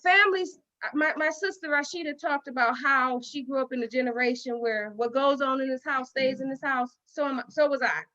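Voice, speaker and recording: A woman's voice: sits high, fairly even intonation, a little fast, sharp tone. A middle-aged woman giving a heartfelt personal speech at a women's dinner, folksy and storytelling, on a dull lo-fi recording. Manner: folksy storytelling with acted-out quotes and repetition. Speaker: guest speaker at a women's dinner. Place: dinner event venue.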